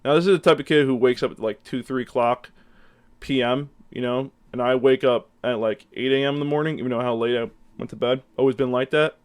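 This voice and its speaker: A man's voice: mid-range voice, a little fast. Young man rambling through a storytime. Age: young adult. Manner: rambling, heavy use of fillers; animated, acts out his own past lines. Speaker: storyteller vlogger. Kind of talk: casual storytime.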